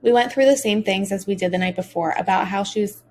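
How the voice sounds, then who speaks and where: A woman's voice: medium pitch, fast talker, darkish tone, a little hiss or hum. A woman narrating a first-person audiobook as a teenage boy, earnest and emotional.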